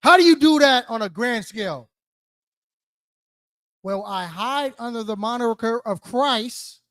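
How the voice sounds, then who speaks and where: High-voiced man teaching scripture. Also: animated, a little slow, a bit bright. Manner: calls on listeners, asks questions, repeats answers; slangy, emphatic, rhetorical "right?". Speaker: teacher leading a scripture study. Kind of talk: interactive sermon teaching.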